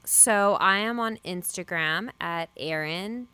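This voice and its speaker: A woman's voice: lowish voice, slow, bright, forceful tone, smooth, no room sound. A woman guest on a casual podcast giving blunt, short answers and swearing casually.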